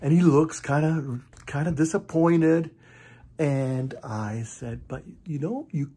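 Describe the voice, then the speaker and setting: An older man telling a personal anecdote in a wry, deadpan way, full of asides. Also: on the high side, measured pace, slightly rough. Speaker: vlogger.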